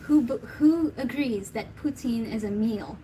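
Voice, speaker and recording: Female stream host, bright higher register, easygoing and chatty with viewers, laughs a lot. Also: a little slow, a little hiss or hum, poor audio. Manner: chatty, reads viewer comments aloud and laughs often. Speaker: tarot reader hosting a live Q&A. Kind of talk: casual livestream chat.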